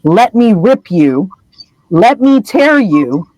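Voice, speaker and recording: A woman's voice: mid-range voice, very animated, takes it slowly, darkish tone, no echo, pitched above the performer's own voice, low-quality recording. Woman doing a creepy monster voice, slooow and menacing. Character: sinister disembodied monster voice, murderous.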